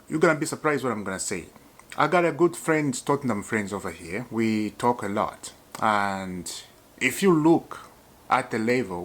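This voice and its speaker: A man's voice: on the low side, fairly bright tone. A man hosting a football fan channel, talking casually and laughing often, with frequent restarts and repeated words. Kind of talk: casual vlog commentary.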